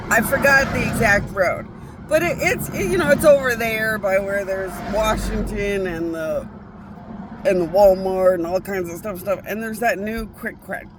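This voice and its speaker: A woman's voice: a little high, very noisy. A woman vlogging a casual, rambling monologue, profane and often breaking off to restart her sentences.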